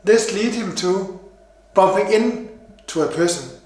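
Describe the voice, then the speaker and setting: A man narrating a self-help story in a halting way, sometimes correcting himself. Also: sits high, lively intonation, a little mellow, very echoey, low-quality recording.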